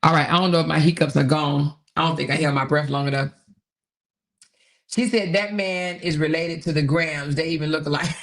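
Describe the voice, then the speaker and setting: Man, high-pitched, chatty, laughing host of a commentary show. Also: fairly even intonation, normal speed, long pauses, a bit bright. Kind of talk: casual commentary for viewers.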